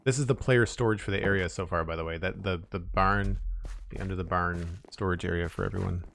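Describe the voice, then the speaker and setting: Low-voiced man chatting on a game stream. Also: steady tone, fairly quick, creaky, fairly bright tone, a little hiss or hum. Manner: rambling, chatty, with fillers and self-corrections. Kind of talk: casual live-stream chat while playing.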